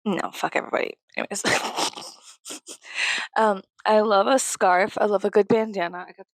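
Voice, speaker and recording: Young woman vlogger, rambling and profane, gravelly, dry close mic. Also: mid-range voice, fairly even intonation, normal speed, no room sound. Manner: rambling, swearing, laughing often. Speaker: YouTuber. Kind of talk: rambling casual vlog.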